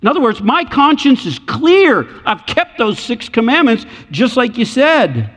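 A man's voice: very high-pitched, sing-song, unhurried, a bit bright, pitched above the performer's own voice, exaggerated voice. A man voicing a self-satisfied rich young man who is sure he has earned his way to heaven, in an echoey hall. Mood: smug.

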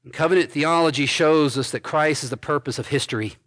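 A man pastor preaching an expository sermon, reading scripture aloud and commenting on it with emphatic stresses and quiet endings. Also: on the high side, a little fast. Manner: emphatic preaching, swinging between loud stresses and dropped soft endings.

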